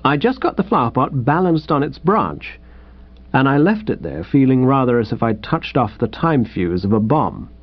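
A man reading a comic story in the first person, playful and animated, on a dull lo-fi recording. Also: medium pitch, normal speed, no echo. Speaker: audiobook reader.

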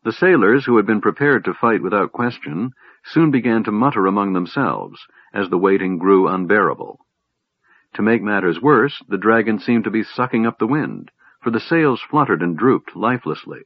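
A man narrating a fantasy story in a measured, dramatic reading, in a dull lo-fi recording. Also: lowish voice, lively intonation, dry recording. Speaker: audiobook narrator.

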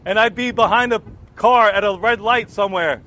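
A man giving an earnest personal Christian testimony, telling his story in an animated way and acting out the exchanges he remembers. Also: high-pitched, normal speed.

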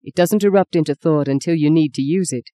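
An audiobook reader voicing a gentle, kind young priest who talks in a soft, reassuring way. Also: mid-range voice, fairly quick, no room sound, clean studio sound, natural voice. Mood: reflective. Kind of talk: audiobook reading.

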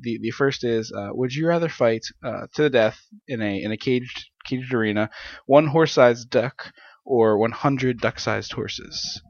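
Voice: mid-range voice, no echo. A podcast host with a mid-range voice chats easily with a guest, tossing in dry joking asides between questions. The recording is a little dull. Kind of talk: casual interview chat.

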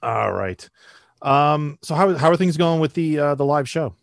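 A man hosting a podcast interview, relaxed and jokey, asking quick follow-up questions. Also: fairly high pitch, creaky, dry recording, studio quality. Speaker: podcast host interviewing a guest. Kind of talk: casual interview chat.

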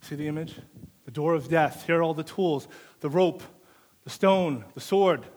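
A man's voice: a little high, normal speed, a little mellow. A man preaching a live sermon in a church service, emphatic, repeating phrases for stress.

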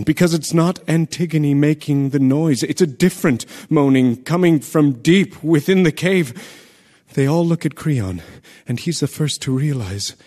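An actor playing a messenger in a radio play, telling a terrible event urgently and vividly. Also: male voice, fairly high pitch, darkish tone, close to an everyday voice. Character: breathless male messenger bearing terrible news.

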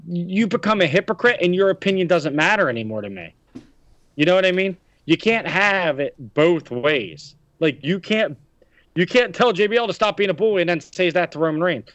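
A man's voice: on the high side, dry recording. A man hosting a podcast, ranting indignantly and firing off rhetorical questions. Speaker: podcast host. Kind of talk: heated podcast discussion. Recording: dry, dull lo-fi sound.

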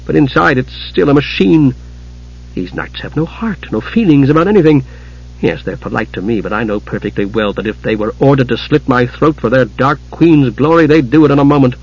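Guy doing a fed-up innkeeper woman, husky, ranting, dull old audiobook sound. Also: mid-range voice, fairly quick. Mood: indignant. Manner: bitter, indignant tirades. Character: young adult woman innkeeper, fiery and outspoken.

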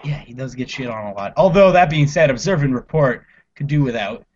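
A man's voice: mid-range voice, lively intonation, a little fast. Laid-back swearing man, lo-fi recording. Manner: laid-back, swears freely, laughs often. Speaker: podcast co-host. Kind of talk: casual chat about comedy films. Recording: lo-fi dull audio.

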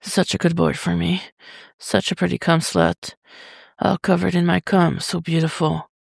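A reader voicing a dominant but tender adult male lover in an audio story, speaking low and coaxing. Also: steady tone, normal speed, gravelly, slightly rough, no room sound, studio quality. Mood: dark, coaxing.

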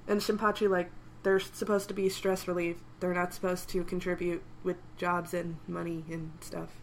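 A woman's voice: fairly low pitch, flat delivery, unhurried, a little hiss or hum. A woman co-hosting a podcast, recapping a manga in casual chat with wry, teasing comebacks. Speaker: podcast co-host.

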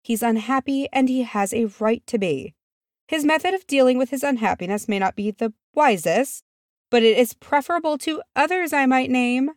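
A woman's voice: high voice, lively intonation, normal speed, dry recording, clean studio sound, pitched above the performer's own voice. A woman reading aloud and voicing a stern, dignified dwarf mother who scolds firmly. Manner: stern, reproving.

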